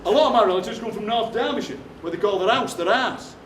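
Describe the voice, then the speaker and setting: A middle-aged man with a Barnsley Yorkshire accent telling quick, jokey stories to a live audience as a performance poet. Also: high-pitched. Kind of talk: comic storytelling on stage. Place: theatre stage before a live audience. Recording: roomy, distant theatre recording with noise.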